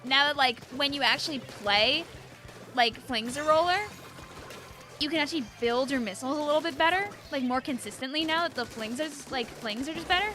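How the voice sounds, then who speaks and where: A young woman streaming a game, chatting excitably with lots of fillers and quick reactions. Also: sits high. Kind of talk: live gameplay commentary.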